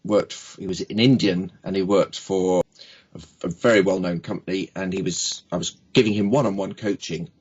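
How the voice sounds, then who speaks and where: A man's voice: low-pitched, fairly even intonation, normal speed, darkish tone, husky. A man, a speaking coach, telling jokey anecdotes in a casual interview and acting out little quoted exchanges. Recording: dull lo-fi recording.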